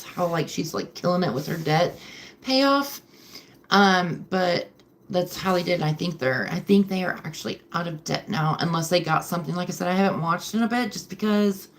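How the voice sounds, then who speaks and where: A woman's voice: on the low side, a little hiss or hum. A woman hosting a casual livestream from home at night, rambling and chatty with lots of fillers. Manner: chatty, filler-heavy, emotional. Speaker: livestream host. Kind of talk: rambling live-stream chat.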